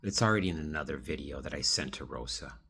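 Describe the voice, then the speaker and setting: A man's voice: extremely low pitch, expressive, fast talker, creaky, pushed and bright, a little hiss or hum. A man speaking straight to one absent person in a rambling, pleading video monologue. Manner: rambling, restarts and trails off. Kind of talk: direct-address video monologue.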